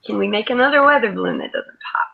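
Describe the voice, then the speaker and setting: A woman's voice: on the high side, lively intonation, quick pace, creaky, narrow, tinny audio. A woman on an online group voice call, joking around and swearing casually, laughing often.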